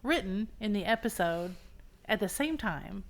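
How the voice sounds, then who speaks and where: A woman co-hosting a casual podcast, chiming in with reactions and quick remarks about a TV episode. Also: mid-range voice, expressive. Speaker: podcast co-host. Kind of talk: casual chat recapping a TV episode.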